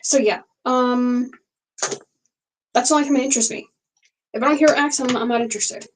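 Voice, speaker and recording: A woman's voice: on the high side, steady tone, brisk, slight background noise, poor audio. A young woman hosting a casual late-night livestream, talking frankly and rambling with many fillers and restarts. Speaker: livestream host.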